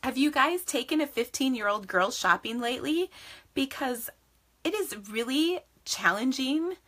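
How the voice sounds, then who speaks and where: Bright-voiced chatty woman host. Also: high voice, expressive, moderate pace. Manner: chatty, greets viewers by name, laughs often. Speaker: craft business host. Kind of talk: casual live-stream chat with viewers.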